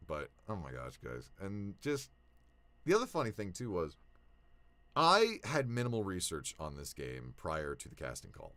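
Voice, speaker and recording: Young man, casual vlog chat, animated, lively pitch, dry close mic. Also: moderate pace, dry recording. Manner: animated, swinging from low mutters to excited shouts. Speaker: voice actor.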